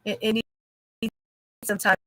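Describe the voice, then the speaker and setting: A woman hosting a casual livestream chat from home, telling a story in an animated way, exclaiming and laughing as she goes. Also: slow. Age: adult mother of a young child. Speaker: livestream host.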